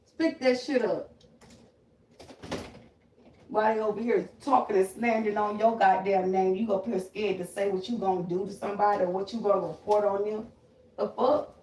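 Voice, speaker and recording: A woman's voice: mid-range voice, fairly quick, a little hiss or hum. Roomy, profane woman ranting on a live stream. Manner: loud, confrontational, animated storytelling with shrieking imitations. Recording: roomy echo, voice a bit far from the mic.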